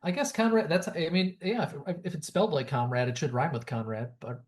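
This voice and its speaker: A man's voice: fairly high pitch, a little fast, darkish tone. A man co-hosting a podcast, chatting casually about a movie and often stumbling and restarting his sentences. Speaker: podcast co-host.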